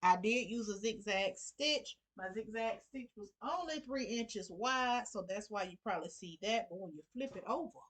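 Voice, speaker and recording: A woman's voice: medium pitch, normal speed, hardly any pauses, a bit bright. A middle-aged woman giving a casual sewing tutorial, chatty and talking to her viewers as y'all. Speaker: sewing vlogger.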